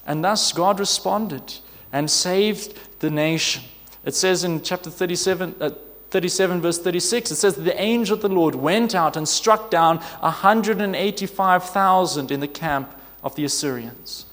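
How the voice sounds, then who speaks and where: High-voiced man preaching in a hall. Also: moderate pace, fairly bright tone. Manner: earnest, building to emphatic pleas and rhetorical questions. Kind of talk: sermon.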